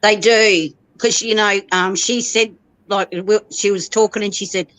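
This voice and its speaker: A woman's voice: mid-range voice, steady tone, moderate pace, fairly bright tone, no room sound, low-quality recording. A middle-aged woman in casual chat, tearful and emotional, laughing through her tears and breaking off halfway through her sentences. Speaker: guest sharing family news.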